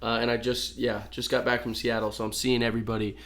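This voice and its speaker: A man's voice: mid-range voice, little pitch movement, fast talker, fairly bright tone. A young man co-hosting a podcast, easygoing and a little nasal and tired. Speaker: podcast co-host. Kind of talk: casual chat.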